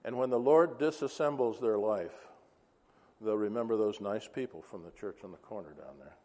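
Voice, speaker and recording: A man's voice: lowish voice, normal speed, warm tone. A man preaching a sermon, telling a story and acting out the dialogue. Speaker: pastor. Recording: reverberant hall.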